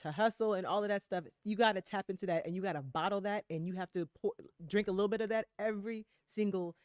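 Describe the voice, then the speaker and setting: A woman's voice: medium pitch, fast, darkish tone, dry recording, studio quality. A woman in a candid conversational interview, speaking reflectively with many fillers and tag questions.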